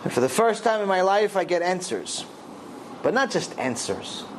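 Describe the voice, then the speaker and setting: A man's voice: high voice, sing-song, moderate pace, a little hiss or hum, low-quality recording. A middle-aged man and rabbi giving a storytelling Torah lecture, acting out the dialogue in raised voices.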